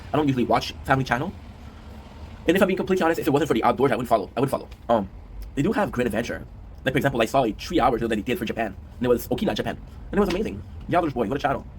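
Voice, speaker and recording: Fast-talking, rambling young man host. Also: medium pitch, slight background noise. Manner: rambling, repeats phrases and restarts, swears casually. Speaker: gaming YouTuber host. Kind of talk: casual rambling talk to camera.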